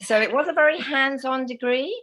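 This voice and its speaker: A woman's voice: sits high, fairly quick. English woman, cheerful storyteller. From England. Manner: lively storyteller, laughs often. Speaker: guest, Rotary leader. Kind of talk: conversational interview.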